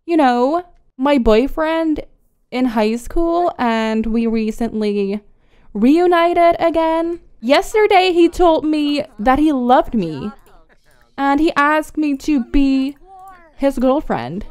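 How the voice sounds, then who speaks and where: A woman's voice: high-pitched, animated, slow pace, a little mellow. A woman voicing a hurt, indignant young Sims woman. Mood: upset. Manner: indignant, wounded.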